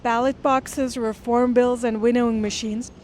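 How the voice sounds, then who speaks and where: A woman with a slightly high voice reads a classic text aloud, stopping often to unpack it. Her delivery is earnest and thoughtful, with a faint hum of noise underneath. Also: flat delivery, darkish tone. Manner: earnest, thoughtful, pausing to explain. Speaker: literature lecturer. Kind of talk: reading aloud with close-reading commentary.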